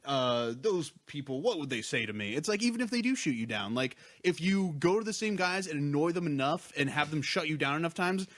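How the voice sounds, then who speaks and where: A man's voice: a little high, expressive, fairly quick, hardly any pauses, fairly bright tone, no echo. A young man chatting as a podcast guest, rambling with many fillers and restarts. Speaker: podcast guest, comics creator. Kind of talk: casual podcast chat.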